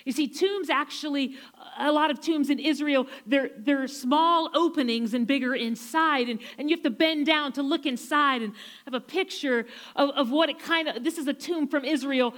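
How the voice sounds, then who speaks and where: A woman preacher retelling a story in a sermon, emphatic, repeating phrases and slowing down to stress key lines. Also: sits high, fairly bright tone.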